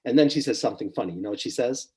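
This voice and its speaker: A middle-aged man with a husky, slightly breathy voice tells a long story from his therapy practice in the course of a podcast conversation. His pitch sits in a mid range. He throws himself into the quoted lines, acting them out with growing intensity. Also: very fast. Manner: animated, acts out quotes with rising intensity. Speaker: psychotherapist guest.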